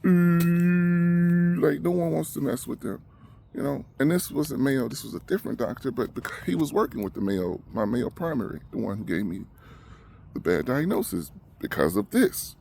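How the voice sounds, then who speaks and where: Gravelly-voiced man in an emotional rant. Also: mid-range voice, big pitch swings, fairly quick, a little mellow, a little hiss or hum. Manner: agitated, repetitive, heated. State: emotional and short of breath. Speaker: vlogger.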